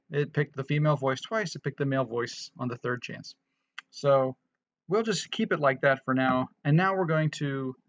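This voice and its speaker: A man's voice: medium pitch, a bit bright, highs cut off. A man casually walking through a programming tutorial, thinking aloud with frequent restarts and fillers. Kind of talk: casual screen-recorded coding tutorial.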